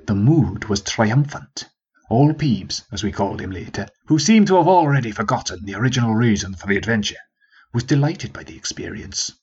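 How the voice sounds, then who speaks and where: A man reading a story as narrator, in an expressive storytelling manner. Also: lowish voice, breathy edge, muffled recording. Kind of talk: scripted narration.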